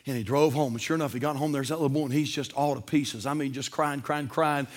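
Husky preacher, dramatic swings. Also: male voice, mid-range voice, steady tone, quick pace. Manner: dramatic storytelling, swinging from shouts to whispers. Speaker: pastor. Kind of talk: sermon.

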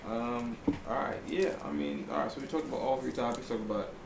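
A man's voice: medium pitch, very animated, brisk, creaky. A man co-hosting a casual podcast, slangy and loose, steering the conversation. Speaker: podcast co-host. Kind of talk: casual chat. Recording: echoey room with ambient noise.

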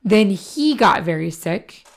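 A woman co-hosting a podcast, hoarse from a cold, talking casually and bluntly with lots of fillers and swearing. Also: medium pitch, lively intonation, slow pace. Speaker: podcast co-host. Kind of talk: casual chat.

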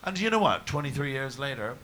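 A man from Canada telling crude comic stories in casual chat, loud and full of swearing and laughter. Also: medium pitch, big pitch swings, fast talker, slight background noise. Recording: live audience laughter behind. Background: audience laughing.

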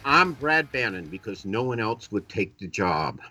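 A man's voice: fairly low pitch, sing-song, normal speed, pushed and bright, faint music behind. A man with a Boston accent hosting a live political talk radio show, chatty and self-deprecating, with frequent "uh" fillers.

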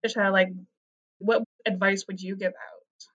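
A woman's voice: medium pitch, flat delivery, unhurried, fairly bright tone, muffled recording. A woman interviewer asking guests questions in an upbeat, chatty way. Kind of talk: interview hosting.

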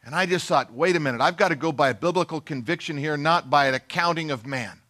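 A man's voice: fairly high pitch, fast talker, sharp tone. A middle-aged male pastor telling a personal story in a sermon, folksy and self-deprecating, acting out the people he quotes.

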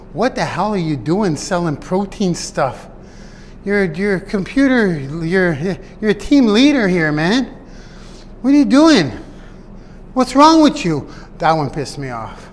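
A high-voiced man talks straight to his viewers like a business coach, rambling through side stories and chuckling at himself. His voice rings out with a long reverb trailing behind it. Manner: chatty, digressive, laughs at his own stories. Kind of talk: casual motivational talk to viewers.

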